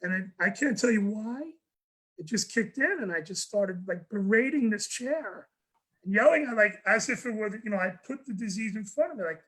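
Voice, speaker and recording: A man, a guest on a panel, telling a personal story in an animated way, often restarting and repeating words. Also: high-pitched, normal speed, slightly rough, low-quality recording. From New York. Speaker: guest speaker.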